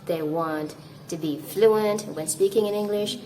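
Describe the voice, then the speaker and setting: A young Indonesian woman teaching English to camera, speaking slowly and carefully and demonstrating how words sound. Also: mid-range voice, background noise. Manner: slow, careful, demonstrates pronunciations. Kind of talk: scripted English lesson to camera.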